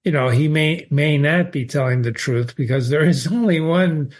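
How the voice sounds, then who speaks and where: A man's voice: fairly high pitch, normal speed. Chatty man explaining a short story. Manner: conversational, digressive, with restarts and asides; reads passages from the story aloud. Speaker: literature teacher answering viewer emails. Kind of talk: casual spoken literary analysis.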